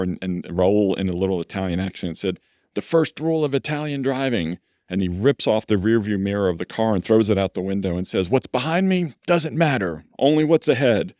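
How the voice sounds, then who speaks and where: A man's voice: sits low, a little mellow, no room sound, studio quality. A middle-aged man, a law firm chief, talking reflectively and at length in a podcast interview, telling stories. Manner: reflective, rambling storyteller. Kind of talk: conversational interview.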